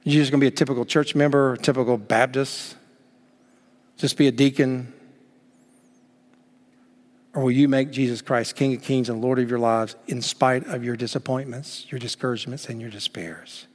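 A man preaching a sermon emphatically, swinging between loud exclamations and hushed words. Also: mid-range voice, fairly even intonation, normal speed, long pauses. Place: church sanctuary. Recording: long reverb of a church hall.

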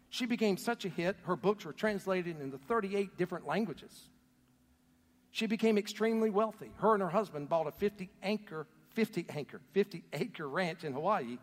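Earnest preacher in a reverberant hall. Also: male voice, on the high side. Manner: earnest storytelling preacher, voice swelling and dropping to a hush. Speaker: pastor. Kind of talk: sermon.

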